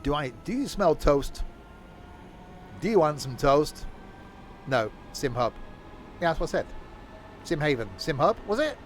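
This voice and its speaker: A man's voice: on the high side, very animated, measured pace, pauses often, slight background noise. Joking man streaming a train game. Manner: chatty, silly, jokey asides. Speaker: streamer playing a train simulator. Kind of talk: casual live-stream chat with mock announcements.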